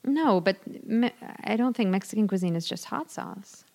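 A woman's voice: medium pitch, moderate pace, gravelly. A woman casually chatting as a podcast co-host, recapping an episode and acting out the characters' lines. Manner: animated, acts out characters' lines while retelling.

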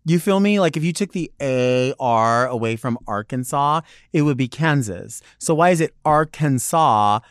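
A man's voice: mid-range voice, animated, normal speed, hardly any pauses, no room sound. Guy hosting his podcast solo, just rambling off topic, lots of likes, dry close sound. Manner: rambling, digressive, chatty with many "like"s. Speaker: podcast host. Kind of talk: casual solo monologue.

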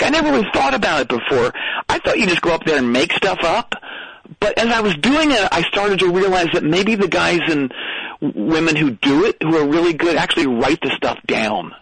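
A man's voice: sits high, gravelly, fairly bright tone, slightly rough, no echo, low-quality recording. A man calling into a comedy show, telling a rambling story with many stammers and restarts. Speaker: caller. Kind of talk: comedic phone call.

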